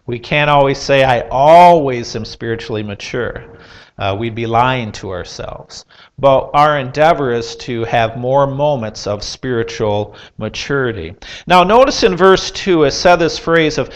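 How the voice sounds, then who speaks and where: A man preaching a sermon, earnest and measured, putting rhetorical questions to his listeners with pauses and the odd filler. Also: mid-range voice. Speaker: pastor.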